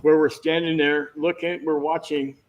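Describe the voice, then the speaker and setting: A man telling lively stories as a guest on a casual video-call chat, jumping into quick impressions. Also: fairly high pitch, muffled recording, slight background noise. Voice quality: bald. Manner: animated anecdotes with impressions.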